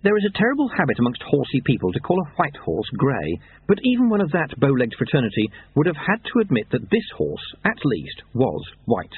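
A man reading a story aloud in a dry, measured narration, over tinny narrowband audio. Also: mid-range voice, wildly swooping pitch, slight background noise.

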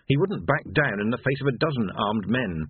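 A man reading a novel aloud as narrator, wry and measured, on a thin, phone-like recording. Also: mid-range voice, expressive, slightly rough, no room sound. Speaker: audiobook narrator. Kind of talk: scripted narration. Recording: dry phone-like lo-fi sound.

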